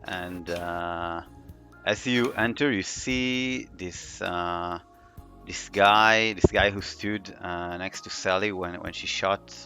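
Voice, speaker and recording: A man running a tabletop game as game master, narrating in a relaxed way with many fillers. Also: low voice, takes it slowly, faint music behind.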